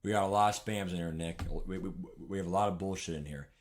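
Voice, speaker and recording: A man's voice: sits low, fast. A young man ranting casually on a live stream, rambling and heated, swearing often and talking straight to his chat. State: hungry and weak.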